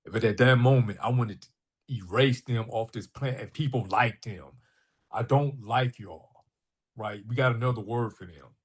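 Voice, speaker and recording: Husky middle-aged man telling a personal story. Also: mid-range voice, normal speed. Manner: animated storyteller who acts out quoted dialogue. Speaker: podcast guest, artist and filmmaker. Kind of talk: personal storytelling in a podcast interview.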